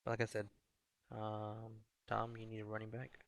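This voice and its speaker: A young man chats casually to stream viewers about his fantasy team. His voice sits low and gravelly with a flat, even tune. He keeps it hushed, half-whispering so as not to carry down the hallway. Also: moderate pace, no echo. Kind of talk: casual live-stream chat. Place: indoor hallway.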